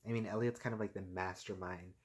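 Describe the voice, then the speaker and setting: Man, low-ish voice, loose chatty recap vlogger, filler-heavy, laughs a lot. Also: fairly even intonation, quick pace. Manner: rambling, heavy filler "like" and "and stuff like this"; laughs often while talking. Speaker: TV episode recapper. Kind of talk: casual recap vlog.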